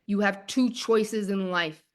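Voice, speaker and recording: Woman, 30s, manifestation coach: emphatic, excited motivational delivery, mid-pitched. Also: takes it slowly. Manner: excited, emphatic, repeats phrases. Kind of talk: motivational masterclass talk.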